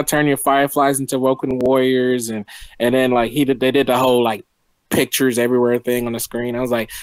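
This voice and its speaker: A man talks through a wrestling review in a relaxed, mildly let-down way. His voice sits close and dry, with no room sound around it. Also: medium pitch, dry recording. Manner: laid-back, mildly disappointed. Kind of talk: casual review chat.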